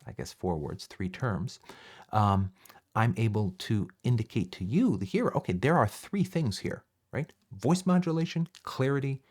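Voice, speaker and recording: Male lecturer, lowish voice, conversational, lively emphasis, keeps asking "right?". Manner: conversational, frequent "right?" checks; fillers and restarts, lively emphasis. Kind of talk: recorded lecture. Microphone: recorded one-take lecture.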